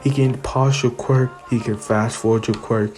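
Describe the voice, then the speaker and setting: A woman voicing a tired, gruff male teacher in a flat, matter-of-fact way. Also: very deep voice, moderate pace, noisy background.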